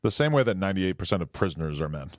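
A man's voice: low-pitched, sing-song, rapid-fire, no room sound, clean studio sound. A man co-hosting a podcast in casual chat, rambling bluntly and swearing freely. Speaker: podcast co-host.

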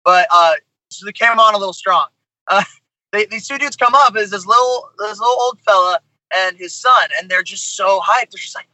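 Bright, high-voiced man telling a tour story. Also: normal speed, dry recording, rough recording. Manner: animated, tells stories with lots of asides. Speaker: touring musician guest. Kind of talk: casual storytelling on a podcast.

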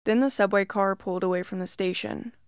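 Woman narrator for scary online stories, smooth clear voice, dry close sound, steady reading. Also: mid-range voice, no room sound. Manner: steady, measured first-person reading. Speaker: story narrator. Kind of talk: scripted narration of reddit horror stories.

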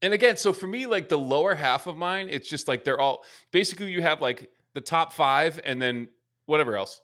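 A man's voice: on the high side, animated, a little fast, fairly bright tone. A man co-hosting a podcast, laid-back and laughing often as he chats about sketches. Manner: swears casually. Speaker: podcast co-host. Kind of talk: casual chat.

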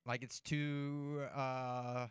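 A man's voice: medium pitch, flat delivery, drawn-out words, clean tone, no room sound, studio quality. A man co-hosting a sports talk show, telling rambling stories in casual chat and filling his talk with "like". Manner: rambling storyteller, heavy use of "like".

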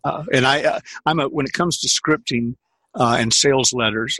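An older male sales trainer and script consultant tells stories in a conversational interview, his husky, bright, forceful mid-range voice leaning hard on key words. He speaks emphatically, repeating key phrases and drawing out his stresses, and the sound is dry and close with no room sound.

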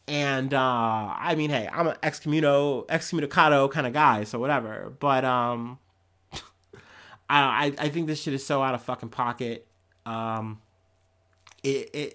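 A man's voice: medium pitch, fairly bright tone. A young man hosting a casual news podcast, rambling and swearing with many fillers and restarts. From Ohio.

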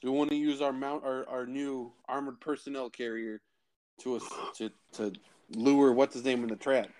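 A man playing in a casual tabletop game at a middling pitch. He talks in an offhand, teasing way. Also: flat delivery, normal speed, darkish tone. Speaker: player.

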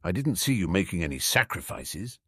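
A man's voice: medium pitch, very animated, moderate pace, pitched above the performer's own voice. A man voicing a moody, indignant adult man on the run, huffy and defensive, in a storybook reading. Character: indignant adult male fugitive godfather, moody. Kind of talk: audiobook character reading.

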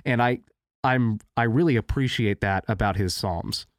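A lower-voiced man co-hosting a casual podcast about faith. He speaks thoughtfully and restarts his sentences as he works out his point. The sound is dry and close. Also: normal speed, no echo. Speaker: podcast co-host.

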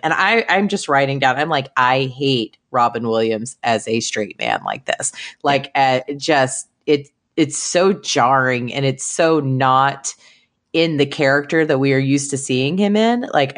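A woman co-hosting a casual movie review podcast, animated and acting out lines from the film in jumpy voices. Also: rumbling low, normal speed. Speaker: podcast co-host.

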